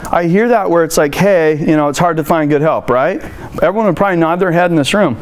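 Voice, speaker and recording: A man giving a motivational customer service training talk to a live room, energetic and playful, acting out phone calls. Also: on the high side, quick pace, clear, resonant tone.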